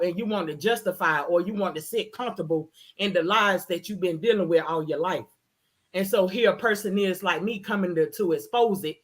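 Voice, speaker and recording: A woman's voice: on the low side, a bit bright, husky. A woman hosting a casual talk, ranting in a heated, emphatic way and repeating her points. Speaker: host. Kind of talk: casual chat.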